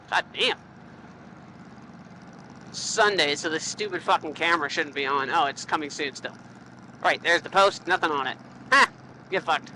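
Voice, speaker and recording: A woman's voice: deep voice, sharp tone, a little hiss or hum, low-quality recording. A woman riding a motorcycle, joking and swearing through casual ride commentary into a helmet mic. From Canada. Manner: joking, profane and rambling. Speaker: motorcycle vlogger. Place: outdoors riding a motorcycle on country roads.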